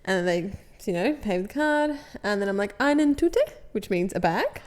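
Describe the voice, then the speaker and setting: Lively woman acting out stories. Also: medium pitch, normal speed. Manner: self-deprecating, laughing, acting out exchanges with customers. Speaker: podcast co-host; cashier. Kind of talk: casual chat.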